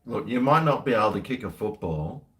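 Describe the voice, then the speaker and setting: A man's voice: on the low side, animated, a little fast, fairly bright tone. A man chatting casually and cheekily with viewers on a live stream, joking and trading slangy banter as he tastes a beer.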